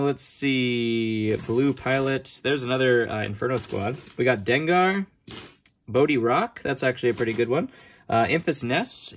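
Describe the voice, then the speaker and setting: Man, casual haul commentary, joking at himself, mid-pitched voice, faint background noise. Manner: chatty, self-mocking, sorting items while talking. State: standing for a long time, back sore. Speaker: toy collector vlogger.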